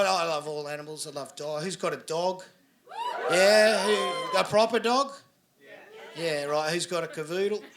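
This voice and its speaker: A man with an Australian accent doing a stand-up set on a club stage, crude and sarcastic as he chats with the crowd. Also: high voice. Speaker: stand-up comedian. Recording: live club recording with audible laughter noise. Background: audience laughter.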